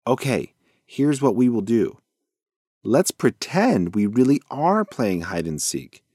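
A man's voice: mid-range voice, big pitch swings, takes it slowly, warm tone, husky, no room sound, clean studio sound, heavily acted. A man voicing a curious, clever young female mouse in a bedtime story, in a lifted, eager voice.

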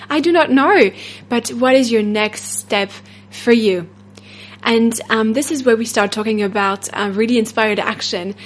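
Solo podcast host, woman, French accent, rambling and upbeat, slightly high voice. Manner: rambling, upbeat, laughs often, many fillers. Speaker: podcast host and self-love coach.

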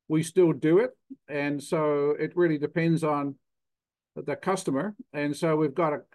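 A man's voice: fairly high pitch, darkish tone. An older man from New Zealand with a New Zealand accent, a cheese consultant guest explaining technical matters in a plainspoken, self-deprecating way. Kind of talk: technical interview talk.

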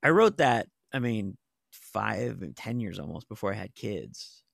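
A man's voice: fairly low pitch, big pitch swings, unhurried, gravelly, no echo, studio quality. A middle-aged man, a TV writer, telling stories in casual chat, rambling with lots of fillers and the odd curse. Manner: rambling storytelling full of "like" fillers and profanity. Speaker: TV writer and novelist.

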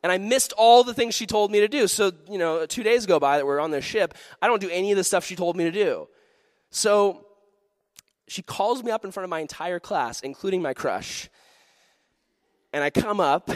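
A man preaching a sermon to a live youth audience, telling animated, jokey stories with lots of energy. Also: high voice, brisk, no room sound. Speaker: youth pastor.

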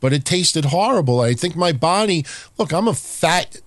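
A man's voice: a little high, expressive, moderate pace, a bit bright, dry recording. A man hosting a podcast, chatting candidly and casually with some swearing. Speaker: podcast host. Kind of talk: casual chat.

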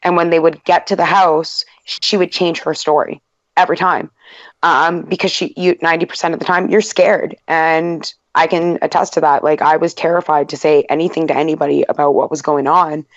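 A woman's voice: low voice, steady tone, brisk, dry recording, muffled recording. A woman in casual podcast chat, telling a story frankly and swearing freely.

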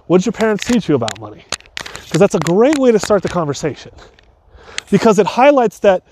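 A man with a high voice talks through advice like a coach, rambling and doubling back on himself. A light hiss of noise sits under the recording. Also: darkish tone. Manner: loose, rambling, with restarts and asides. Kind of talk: casual advice talk.

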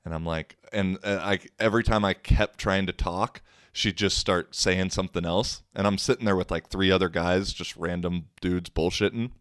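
A man's voice: low voice, steady tone, moderate pace, fairly bright tone, dry recording, clean studio sound. A young man hosting a podcast, telling a story casually, with rambling fillers, restarts and a wry tone. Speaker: podcast host.

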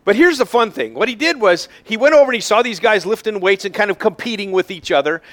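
A man preaching a sermon as pastor, speaking in a relaxed, conversational way with frequent fillers and restarts. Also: sits high, fast.

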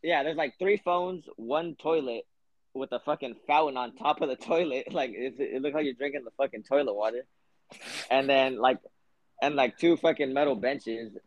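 A man's voice: medium pitch, normal speed. A young man hosting a podcast, telling a long story in a rambling, profane way, full of fillers. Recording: dull lo-fi podcast audio.

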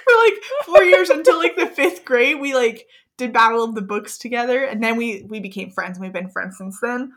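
A woman's voice: a little high, normal speed, hardly any pauses. A woman co-hosting a podcast, chatting casually with lots of "like" fillers and frequent laughter, in a self-deprecating way. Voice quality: self-described introvert, self-deprecating. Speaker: podcast co-host. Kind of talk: casual chat.

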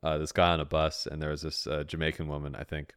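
A man's voice: a bass voice, completely flat delivery, quick pace, a bit bright, clean tone, dry recording, studio quality. A man co-hosting a podcast in casual chat. He laughs often and acts out the voices in his own head. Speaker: podcast co-host.

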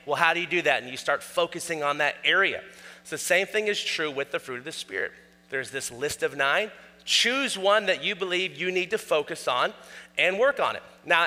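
High-voiced guy preaching in a church, animated storytelling, acts out little quotes, big echoey hall. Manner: animated, self-mocking storytelling with acted-out quotes. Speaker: pastor. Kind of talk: sermon. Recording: long hall reverb.

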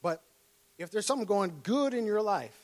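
A man from Minnesota delivers a sermon through a personal story, with a fairly high voice. He acts out his younger self in excited tones and laughs often as he talks. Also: moderate pace. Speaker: preacher.

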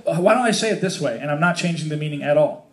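A man's voice: a little high, expressive, very fast. A man leading a casual Bible study for a small group, reading scripture aloud and explaining it in a chatty, joking way with many fillers.

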